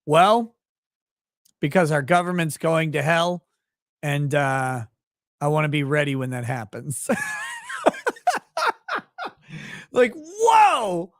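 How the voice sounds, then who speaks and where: A man talks through a loose, profane livestream ramble, reacting to chat as he goes. His voice sits a bit on the high side for a man. The sound is dry and close, with no room around it. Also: no room sound. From Minnesota, USA. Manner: profane, rambling, laughs often. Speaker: livestream host reading chat.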